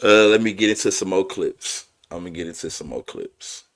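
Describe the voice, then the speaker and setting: A man's voice: sits low, expressive, brisk. A man hosting a podcast, commenting casually and emphatically, speaking to his viewers and swearing freely. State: emotional. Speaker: podcast host.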